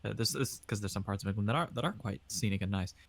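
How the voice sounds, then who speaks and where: A man in a casual podcast chat, telling a relaxed story and laughing often. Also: fairly low pitch, fast talker, creaky, no room sound.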